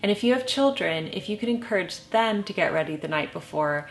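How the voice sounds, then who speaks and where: Calm, gently humorous lifestyle vlogger woman. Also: fairly low pitch, fairly quick, creaky, slight background noise. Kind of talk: casual advice talk to camera.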